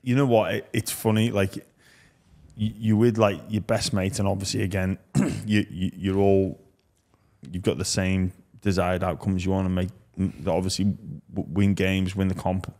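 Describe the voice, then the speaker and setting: A man with an Australian accent hosting a casual podcast interview, chatty and quick to react. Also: deep voice, level tone, darkish tone. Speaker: podcast host.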